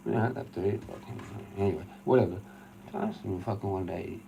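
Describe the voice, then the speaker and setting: A man's voice: sits low, a little fast, creaky, warm tone, slight background noise, rough recording. A man with an Australian accent, ranting on a livestream, swearing heavily and rambling through an agitated story. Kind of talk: casual rambling rant.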